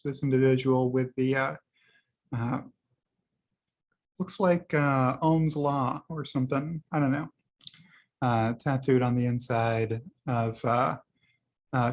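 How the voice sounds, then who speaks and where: A man's voice: medium pitch, takes it slowly. A man hosting his own video, casually talking through tweets he liked, rambling with many fillers and laughing at his own jokes. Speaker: video host.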